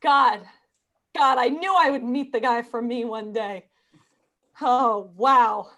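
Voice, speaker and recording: A woman performing live improv comedy in a gushing, excitable way. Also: a little high, slow.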